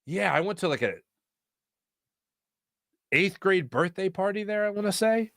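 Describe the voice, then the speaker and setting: A man hosting a casual talk show, rambling through stories with many fillers and animated asides. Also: high-pitched, a little slow, no room sound, clean studio sound. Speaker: show host.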